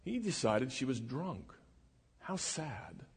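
A man delivers a sermon at a middle pitch, earnest and measured, letting his voice sink quiet to press a point. His words ring out with a long reverberation, as in a church sanctuary. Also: very animated, slightly rough. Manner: earnest, measured preaching with dramatic drops in volume. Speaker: preacher. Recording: reverberant hall.

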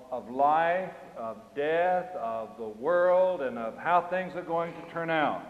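An older man preaching a sermon, with an emphatic delivery that rises and falls. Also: fairly high pitch. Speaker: pastor. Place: church sanctuary. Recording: roomy hall sound, muffled lo-fi.

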